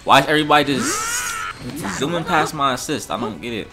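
A man giving casual, frustrated commentary on his gameplay, swearing and jumping into high-pitched yelps when things go wrong. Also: expressive, quick pace. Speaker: gaming YouTuber. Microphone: desktop USB microphone. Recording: game music behind voice.

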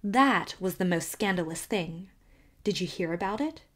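A woman's voice: fairly low pitch, animated, normal speed, a bit bright. A woman voicing a prim, gossiping older village woman who disapproves with tolerant, mock-pleasant airs. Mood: disapproving.

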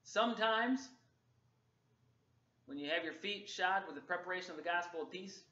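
Pastor, male, forceful bright delivery preached into a reverberant hall, mic set well back, muffled sound. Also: sits high. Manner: storytelling, with emphatic dramatic pauses. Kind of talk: sermon. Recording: dull, echoey sound from a distance.

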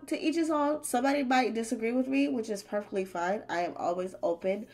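Excitable woman reacting to a horror film. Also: on the low side, poor audio. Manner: talks back to the screen, emphatic and excitable; chatty, uses homespun comparisons. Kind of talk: casual reaction commentary.

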